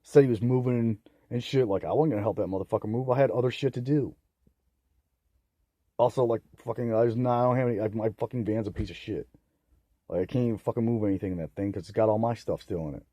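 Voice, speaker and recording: A young man ranting angrily on his own, profane and bitter, swinging into loud outbursts. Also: fairly low pitch, fast, no room sound. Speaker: vlogger. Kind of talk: angry solo rant to camera.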